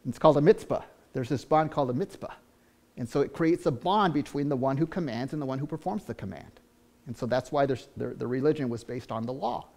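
A man preaching a sermon as pastor, earnest, often repeating words and restarting, swinging between loud stretches and hushed ones. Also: medium pitch, a little fast, creaky.

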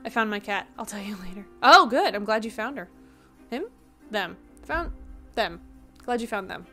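A woman's voice: medium pitch, fairly bright tone, soft background music. A young woman streaming a game, chatting casually and laughing as she riffs on her viewers' jokes. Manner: chatty, giggly, quick to riff on jokes.

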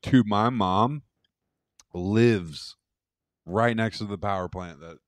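A man's voice: on the low side, takes it slowly, no room sound, studio quality. A young man co-hosting a podcast, talking in a loose, profane, rambling way and laughing at his own bits. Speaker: podcast co-host. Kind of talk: casual chat.

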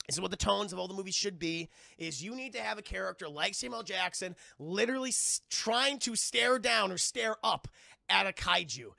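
A man streaming a movie recap live, talking excitedly and profanely and turning often to his chat. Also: sits high, fairly quick, creaky, dry recording, studio quality. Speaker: streamer reviewing a film.

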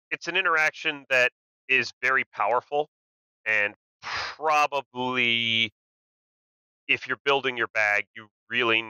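A man co-hosting a casual game-strategy talk, agreeing briefly and adding quick clarifications. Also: mid-range voice, sharp tone, clear, resonant tone, dry recording, dull audio. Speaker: co-host.

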